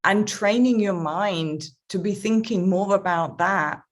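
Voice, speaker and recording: Woman life coach, unhurried and thoughtful, mid-pitched, interview guest. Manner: slow, reflective, talks of spirituality. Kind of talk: interview conversation.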